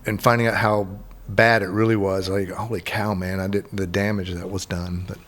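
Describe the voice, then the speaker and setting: Relaxed middle-aged man hosting a chat. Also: low-pitched, normal speed. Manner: rambling, relaxed, many restarts. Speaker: host. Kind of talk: casual interview chat.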